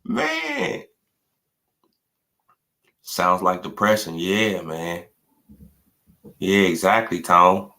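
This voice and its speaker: A young man ranting in a casual live stream, trash-talking with lots of repetition and bursts of loud laughter. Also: sits low, fairly even intonation, slow, long pauses. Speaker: boxing commentary streamer.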